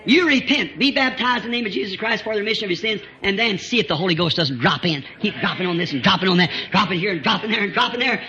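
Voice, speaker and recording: A man preaching a revival sermon, fervent, rising to shouts and chuckling between phrases, on a lo-fi old tape recording. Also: high voice, fast talker, hardly any pauses, crowd noise.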